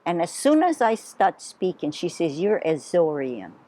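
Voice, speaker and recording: Elderly woman in her eighties, low voice, leisurely homespun storyteller. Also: very animated, mellow. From Hawaii. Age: 80s. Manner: unhurried, homely storyteller who spells words out. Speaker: oral history interviewee. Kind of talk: reminiscing storytelling.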